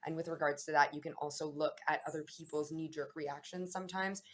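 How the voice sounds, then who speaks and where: A woman's voice: low-pitched, steady tone, fairly quick. A woman vlogger talking casually and reflectively to camera about astrology, meandering and often correcting herself mid-sentence. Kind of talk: casual spiritual musing to camera.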